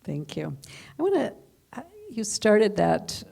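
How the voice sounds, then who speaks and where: A woman's voice: mid-range voice, big pitch swings, slow pace, creaky, dark tone. A woman hosting an interview, chatty and searching for her words as she frames a question. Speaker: interviewer and host. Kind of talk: conversational interview.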